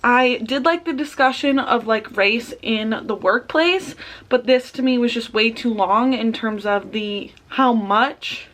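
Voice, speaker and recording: A young woman makes a casual vlog about books, chatting away and sprinkling in "like" constantly. Her voice is on the high side and a bit bright, and she speaks a little slowly.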